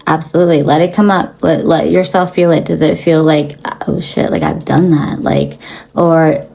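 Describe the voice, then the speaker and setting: Young woman doing a spiritual reading, swears a lot, gravelly and mellow, kinda preachy. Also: deep voice, steady tone, moderate pace, poor audio. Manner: blunt, profane and preachy, with many fillers. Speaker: spiritual reader. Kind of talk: casual spiritual talk to viewers.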